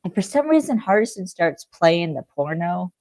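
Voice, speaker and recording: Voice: mid-range voice, very animated, normal speed, darkish tone, dry recording. A podcast co-host recapping a TV episode in casual chat, rambling with lots of fillers and acting out the characters' lines.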